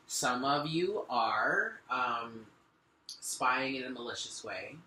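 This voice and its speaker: A man's voice: mid-range voice, expressive, takes it slowly, noisy background. A man giving a spoken tarot reading, talking earnestly and directly to the listener while shuffling and laying out cards. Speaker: tarot reader. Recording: echoey room.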